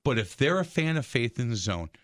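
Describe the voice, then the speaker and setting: A man's voice: mid-range voice, sing-song, brisk, dry recording, studio quality. An older man hosting a faith talk show, chatting casually with a guest, restarting his words often and telling stories. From Southeast Wisconsin. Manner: stammering restarts, storytelling. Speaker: radio show host. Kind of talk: casual interview chat.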